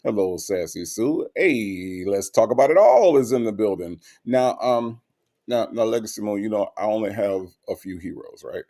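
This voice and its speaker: Host man for a home livestream chat show: lower gravelly voice, bouncy animated delivery, keeps repeating himself. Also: normal speed. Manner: animated, repeats phrases for effect. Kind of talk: casual chat, reading out viewer comments.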